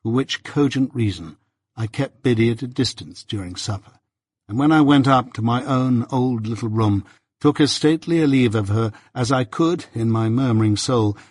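A man giving a measured, reflective scripted narration of an audiobook. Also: mid-range voice, a little mellow, slightly rough, no echo, clean studio sound.

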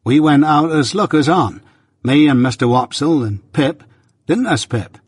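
A man reading the part of a simple, kindly village blacksmith who talks slowly and plainly. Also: on the high side, expressive, breathy edge, dry recording, studio quality, pitched above the performer's own voice. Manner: slow, meditative, rustic grammar.

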